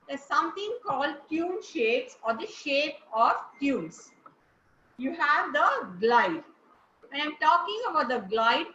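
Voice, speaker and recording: A woman's voice: high-pitched, bright, forceful tone, slight background noise. A woman teaching intonation to a class, encouraging and praising students as she goes. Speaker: speech trainer. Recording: roomy, dull-sounding recording.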